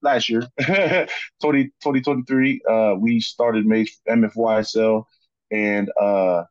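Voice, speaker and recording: A man from Sacramento, California, a podcast guest telling a story in a relaxed, casual way, full of "you know" fillers. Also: fairly low pitch, unhurried, no echo, muffled recording.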